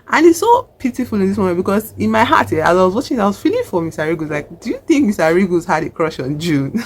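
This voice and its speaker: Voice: mid-range voice, fairly bright tone. A vlogger with a Nigerian accent, chatting casually through a film recap and acting out the characters' lines. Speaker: film reviewer.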